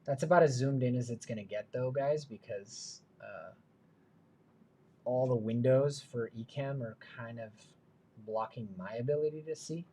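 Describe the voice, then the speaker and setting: A man's voice: medium pitch, normal speed, warm tone. A man hosting a livestream, thinking aloud as he works and making self-deprecating asides in a chatty way. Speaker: livestream host. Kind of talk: live build stream, thinking aloud.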